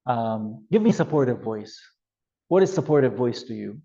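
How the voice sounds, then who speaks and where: A man teaching a youth ministry class, animated and acting out scenarios with changes in his voice. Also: medium pitch, moderate pace, muffled recording. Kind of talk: classroom lecture with role-play examples.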